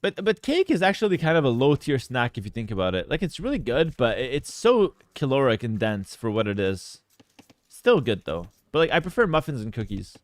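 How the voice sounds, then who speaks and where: Animated talkative male game caster. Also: medium pitch, fairly quick, dry recording. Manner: animated, talkative, many fillers and asides. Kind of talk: casual storytelling and esports commentary.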